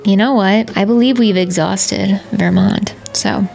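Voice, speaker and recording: A young woman casually commenting out loud as she browses house listings, reacting with laughs and gasps. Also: mid-range voice, measured pace, creaky, faint music behind. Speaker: vlogger.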